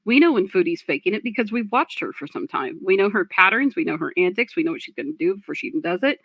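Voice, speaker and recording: A woman's voice: fairly low pitch, very animated, fast talker, a bit bright, no room sound. A woman streamer commenting on a clip, blunt and profane, lecturing her chat.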